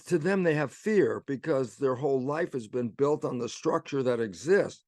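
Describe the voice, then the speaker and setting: An older man explaining in casual conversation, telling his points as animated little stories and acting out both sides of imagined exchanges. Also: medium pitch, normal speed, few pauses, no room sound. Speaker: guest.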